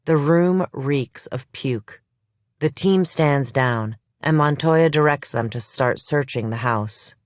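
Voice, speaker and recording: A narrator reads a suspense audiobook slowly and evenly, in a measured storytelling voice of middle pitch. The sound is dry and close, with no room echo. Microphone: close studio mic.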